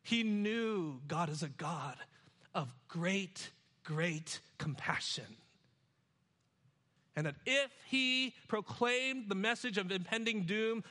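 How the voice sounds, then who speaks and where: Male preacher with a high, bright tone who works through the text verse by verse, punching some lines and hushing others. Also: animated, slow. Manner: expository preaching, swings between loud emphasis and hushed low asides. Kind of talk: sermon.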